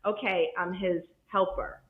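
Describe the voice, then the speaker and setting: A woman's voice: fairly low pitch, steady tone, unhurried. A woman co-hosting a casual chat, affirming her partner and teasing playfully. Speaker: co-host. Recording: dull, roomy sound.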